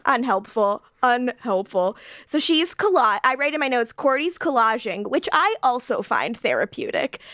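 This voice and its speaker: A woman co-hosts a relaxed rewatch podcast and often breaks into laughter. She acts out characters' lines with a high voice that swoops all over. Her voice sounds dry and close. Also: normal speed, hardly any pauses, no room sound. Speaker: podcast co-host. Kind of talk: casual rewatch podcast chat.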